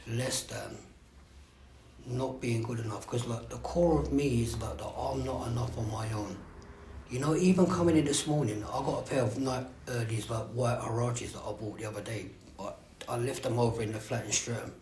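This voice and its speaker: A man talks openly and loosely, swearing and circling back with "do you know what I mean". His mid-pitched voice carries through an echoey meeting room, with a faint background hum. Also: a little mellow. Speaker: speaker sharing at a recovery meeting. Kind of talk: candid personal share.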